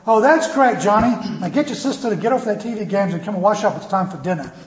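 Cheery homely parent, upbeat and breezy, pitched high as a preacher puts him on; echoey church room. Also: male voice, quick pace, natural voice.

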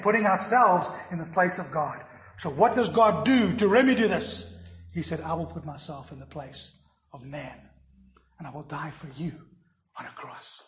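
A man delivers an earnest sermon in a fairly high voice. He swings between loud emphasis and quiet, hushed phrases. The sound rings in a reverberant church room. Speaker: pastor.

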